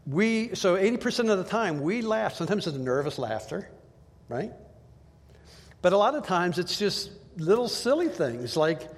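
A man preaching a sermon in a conversational way, acting out the voices he quotes. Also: sits high. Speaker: pastor. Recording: long hall reverb.

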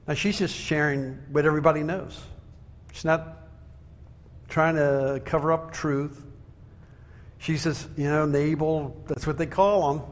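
A man preaching a sermon in a conversational, animated way, telling stories and acting out the quotes. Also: a little high, measured pace, long pauses. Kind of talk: sermon with storytelling. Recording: long hall reverb.

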